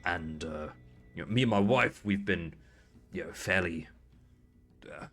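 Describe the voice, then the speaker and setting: A man voicing a traditional male Firbolg smith who speaks quietly, in a measured and politely firm way. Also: low voice, faint music behind, full character voice. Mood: stern calm.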